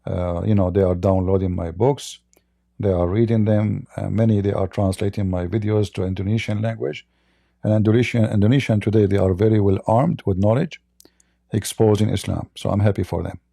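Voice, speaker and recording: Gravelly-voiced man mocking on a livestream. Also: on the low side, fairly even intonation, a little fast, dark tone, dry recording, clean studio sound. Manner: blunt, mocking, repetitive restarts. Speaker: livestream host. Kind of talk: livestream monologue.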